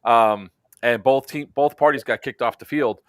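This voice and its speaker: A man co-hosting a casual podcast, chatty and quick to laugh. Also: mid-range voice, clear, resonant tone, no room sound, studio quality. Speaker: podcast co-host.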